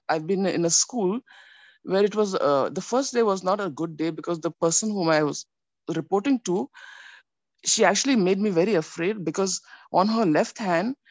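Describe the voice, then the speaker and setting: Gravelly-voiced woman telling a spiritual story. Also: lowish voice, no echo. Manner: rambling, animated storytelling with many restarts. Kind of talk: personal testimony.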